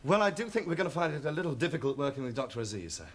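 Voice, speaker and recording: A man's voice: fairly high pitch, very animated, racing. An actor playing a flustered young male junior doctor who stammers and hesitates. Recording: noisy old TV recording.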